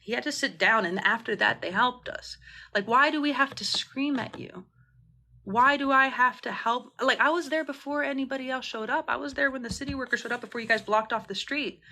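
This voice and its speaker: A woman with a bright, sharp, slightly high voice speaks into her phone on a livestream. She is an impassioned mutual aid organizer who swears freely and rambles, breaking off and restarting her sentences as she goes. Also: brisk. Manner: passionate, indignant, swears freely. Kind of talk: livestream Q&A rant.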